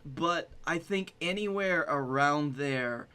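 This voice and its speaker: A young man joins casual banter, halting and laid-back as he searches for words. He speaks slowly, his voice sitting a bit high. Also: sharp tone, smooth. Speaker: podcast co-host.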